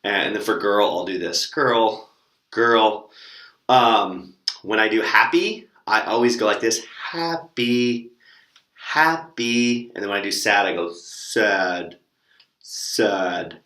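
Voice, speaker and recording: A man's voice: lowish voice, moderate pace, roomy sound. A young man casually sharing tips for teaching online classes, with lots of ums and demonstrated words. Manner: relaxed, lots of fillers, demonstrates words with gestures.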